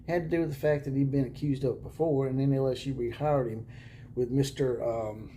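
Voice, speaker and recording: A man hosting his own college football video channel, talking casually and sarcastically from a room at home, chuckling and sometimes dropping into hushed mock-whispers. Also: medium pitch, steady tone, brisk, slight background noise.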